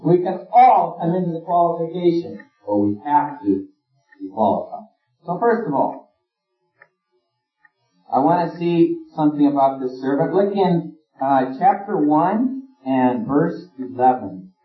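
Male preacher, earnest sermon delivery, voice a touch higher than most men, recorded from a distance, dull lo-fi sound. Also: expressive, measured pace. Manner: earnest, rising and falling emphasis. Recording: roomy, distant, dull lo-fi sound with faint music.

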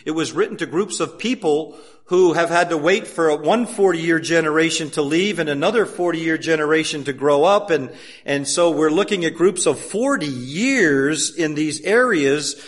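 A man delivers a sermon with emphasis, posing many rhetorical questions and shifting between loud exhortation and quiet asides. His pitch sits fairly high and his speed is normal.

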